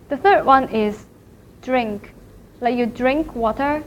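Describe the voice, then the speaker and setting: A woman teaching a language class in a recorded lecture, speaking slowly and carefully and repeating each syllable to demonstrate it. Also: sits high, soft background music. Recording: dull lo-fi recording with faint noise.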